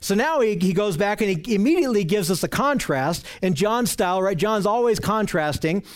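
A pastor with a high voice and lively intonation preaches an expository Bible sermon at a moderate pace. Earnest, he explains verses and asks rhetorical questions, often repeating "right?" to his listeners.

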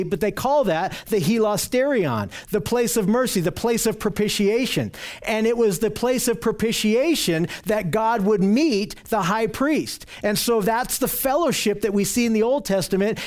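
A man's voice: high voice, darkish tone. A man teaching a Bible study lesson in an earnest way, often restarting his sentences.

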